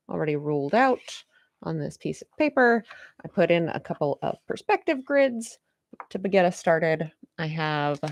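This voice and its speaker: A woman's voice: on the low side, gravelly, no room sound, clean studio sound. A woman artist chatting casually to viewers on a live stream while she draws, greeting them by name. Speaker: comic artist streaming a drawing session.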